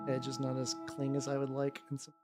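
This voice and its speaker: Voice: medium pitch, fairly quick. A miniature-painting streamer chatting casually and rambling through tangents while painting. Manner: rambling and animated, full of fillers and tangents. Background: faint background music.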